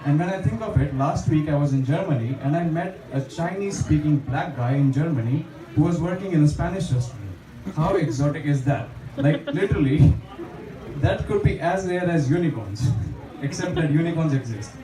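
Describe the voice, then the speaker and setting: A man's voice: fairly high pitch, lively intonation, normal speed, a crowd in the background. A young man doing open mic stand-up in a small bar, chatty and self-deprecating, with lots of fillers. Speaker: stand-up comedian. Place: small bar stage with a live audience. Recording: echoey bar room, distant mic, audience laughter.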